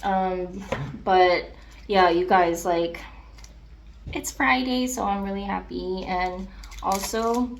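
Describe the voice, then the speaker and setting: A young woman in a mukbang vlog, chatting casually and excitedly between bites, with lots of "like" and appreciative "mm" sounds. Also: medium pitch, takes it slowly, pauses often, slight background noise. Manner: chatty, filler-heavy, excitable, with chewing and "mm" sounds between remarks. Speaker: mukbang vlogger. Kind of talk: casual chat while eating.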